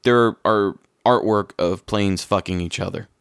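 A man's voice: fairly low pitch, unhurried, a bit bright, clear, resonant tone, no echo, studio quality. A man co-hosting a casual podcast chat, crude and joking, rambling with restarts. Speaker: podcast co-host. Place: lives in Florida. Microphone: own dedicated microphone.

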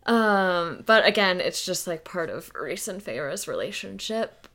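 A woman co-hosting a casual book chat, relaxed and reflective, often trailing off mid-thought. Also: fairly low pitch, measured pace. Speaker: podcast co-host.

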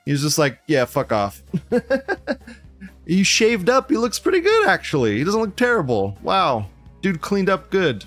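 A man's voice: high-pitched, wildly swooping pitch, normal speed, a bit bright, soft background music. A man hosting a news commentary show in a casual, profane, mocking rant, laughing often.

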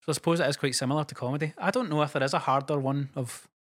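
A man co-hosting a casual podcast chat, talking quickly and hedging with fillers. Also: a little high. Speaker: podcast co-host.

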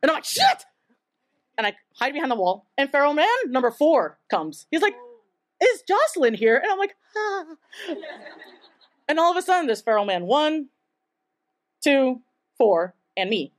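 Lively young woman telling a story. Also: high-pitched, moderate pace, long pauses. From Taiwan. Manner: casual and chatty, lots of "like", laughs often. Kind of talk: live storytelling on stage. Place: live event in front of an audience.

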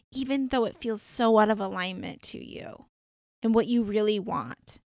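A woman podcast host and coach telling a story in a casual, chatty way, full of "like"s and lively retelling. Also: mid-range voice, brisk, no echo, clean studio sound.

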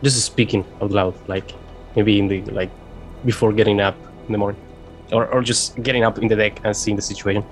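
A man with a low voice plays in a tabletop game, musing aloud and hesitating as he decides what to do. Faint music plays behind. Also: fairly even intonation, a little fast. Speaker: player.

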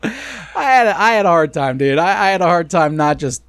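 Profane, animated podcast storyteller man. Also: sits high, normal speed, no room sound. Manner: profane, laughs through his own story. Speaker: podcast co-host. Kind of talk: crude comedic storytelling.

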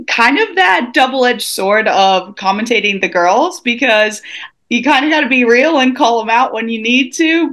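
A woman talking casually as a guest, lively and laughing often as she acts out quoted remarks. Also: mid-range voice. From United States. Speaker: guest, rugby commentator. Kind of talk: casual interview chat.

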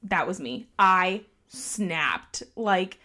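A woman telling a story on a casual podcast, animated and quoting others in her own voice. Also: on the low side, very slow. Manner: animated, heavy use of "like", quotes people in her own voice.

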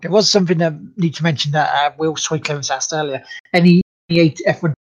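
A man's voice: a little high, fairly even intonation, fast talker. A man co-hosting a casual gaming show, dropping short dry jokes and asides. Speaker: podcast co-host. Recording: dull dry lo-fi mic.

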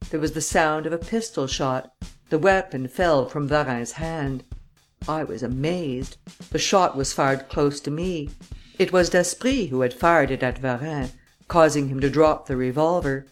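A man narrating an audiobook in a steady, measured storytelling manner. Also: on the high side, faint music behind. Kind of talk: scripted narration.

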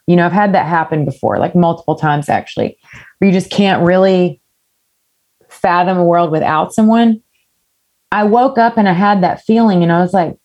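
A singer-songwriter guest with a slightly low, a little mellow voice chats in a casual interview at normal speed. She tells her story candidly and ramblingly, swearing without a second thought.

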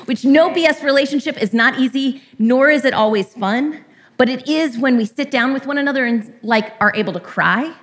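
A woman pastor giving a sermon in a candid, conversational way, with light irreverence, ending in prayer. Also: a little high.

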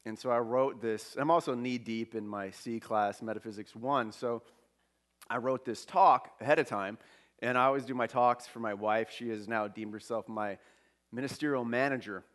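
A man's voice: mid-range voice, fairly even intonation, moderate pace, fairly bright tone. A man giving a spiritual talk at a church service, conversational and self-deprecating with humor.

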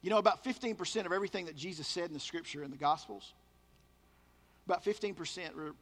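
A man's voice: high-pitched, fast talker, a bit bright, in a large hall. A man preaching a sermon as pastor, emphatic and repeating words for stress.

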